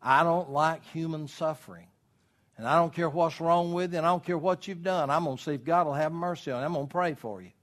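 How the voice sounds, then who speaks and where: A man preaching a sermon as pastor, animated and storytelling, acting out voices in his illustrations. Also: fairly high pitch, brisk.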